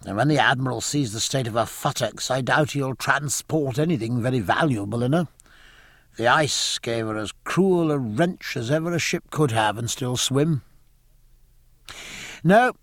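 A man voicing a hearty middle-aged naval captain who talks in brisk, jovial sea slang. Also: medium pitch, dry recording, studio quality.

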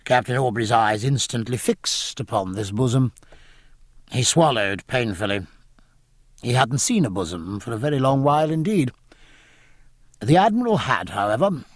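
Man, audiobook narration, expressive, animated intonation, dry studio sound. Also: mid-range voice, dry recording. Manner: expressive, varied storytelling delivery. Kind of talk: scripted narration.

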